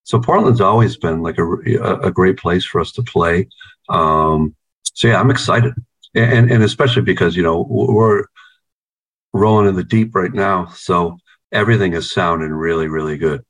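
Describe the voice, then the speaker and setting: Laid-back, swearing American band member. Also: male voice, low-pitched, moderate pace, fairly bright tone, poor audio. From United States. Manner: laid-back, swears freely, tells stories animatedly. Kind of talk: casual video-call interview. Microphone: video call.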